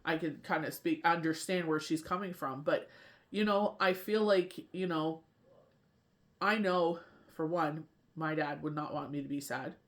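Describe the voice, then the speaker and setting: Tarot reader just chatting to camera, rambly, keeps saying you know what i mean, mid-pitched voice. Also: a little slow, fairly bright tone. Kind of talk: casual spiritual talk to camera.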